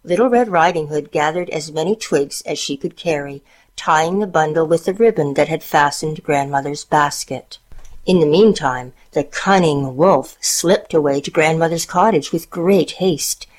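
A woman narrating a storybook in a calm, measured reading voice. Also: deep voice.

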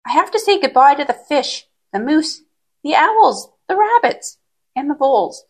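A woman's voice: high-pitched, big pitch swings, normal speed, voice pushed up. A whiny, restless little bear cub from a storybook, as a woman reads him aloud. He pleads in a raised, childlike voice that swoops up and down with each complaint. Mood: pleading.

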